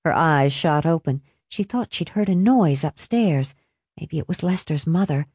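Low-voiced woman reading a novel aloud. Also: lively intonation, measured pace, darkish tone, husky, no echo. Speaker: audiobook narrator. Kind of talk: scripted narration.

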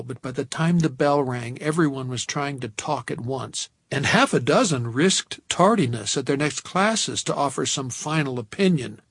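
A man narrating an audiobook in a wry, measured storytelling manner, recorded close to a studio microphone. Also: medium pitch, a bit bright, no echo.

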